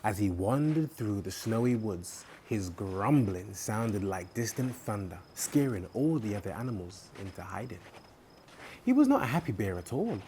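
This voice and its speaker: A man hosting a children's show and reading a bedtime story aloud in an expressive way. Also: lowish voice, normal speed, slight background noise. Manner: animated and expressive. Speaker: storyteller host.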